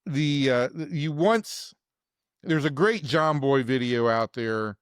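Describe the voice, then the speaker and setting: A man co-hosting a sports podcast, talking in a measured, reflective way. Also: medium pitch, clear, resonant tone, no echo, clean studio sound. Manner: measured, reflective, repeats words as he thinks. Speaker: podcast co-host, sports reporter. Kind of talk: casual sports chat.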